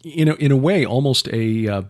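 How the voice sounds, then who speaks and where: A man's voice: mid-range voice, moderate pace. Easygoing man hosting a podcast. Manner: relaxed, many fillers and restarts, lists events. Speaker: podcast host. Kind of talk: casual chat.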